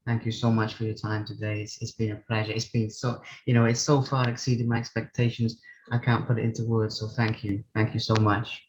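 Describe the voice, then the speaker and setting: A man's voice: on the low side, flat delivery, a little fast, muffled recording, a little hiss or hum. A man hosting an interview, thanking his guest effusively and wrapping up the show. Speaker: host. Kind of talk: interview wrap-up.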